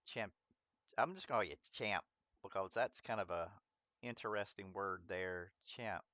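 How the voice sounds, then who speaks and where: A man with a lowish voice streams a mobile game at normal speed, chatting straight to viewers, rambling, fumbling their names, and laughing at himself. His voice sounds pushed and bright in a dry recording.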